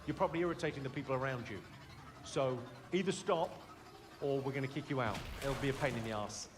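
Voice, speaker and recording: A man's voice: mid-range voice, quick pace, background noise. A man doing stand-up crowd work at a comedy club, brash and sweary, teasing the audience. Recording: live club, loud crowd laughter.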